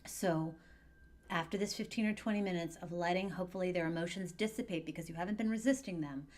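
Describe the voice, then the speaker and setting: Calm, gentle woman giving parenting advice. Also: lowish voice. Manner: calm, gentle, measured and reassuring. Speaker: divorce and parenting coach. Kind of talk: direct-to-camera advice video.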